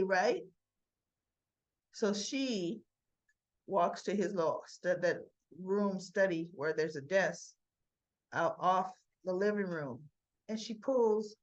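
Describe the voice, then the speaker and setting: Give me a woman telling a soap episode in a chatty, animated way, recorded a bit muffled. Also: fairly low pitch. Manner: chatty, animated storytelling with asides. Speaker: soap opera recap vlogger. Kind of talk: casual recap of a TV episode.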